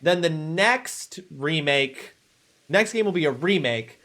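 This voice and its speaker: A man's voice: a little high, lively intonation, takes it slowly, pushed and bright. A man streaming a video game live, chatting upbeat with viewers and thanking them energetically. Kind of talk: casual live stream chat.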